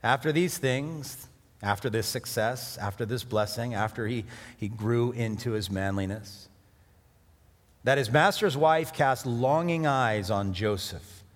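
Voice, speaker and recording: A middle-aged male preacher delivers a sermon in a relaxed, conversational tone, then breaks into sudden emphatic rises. His voice sits in an ordinary middle register, and the recording carries a long reverb from a church hall. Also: medium pitch, unhurried.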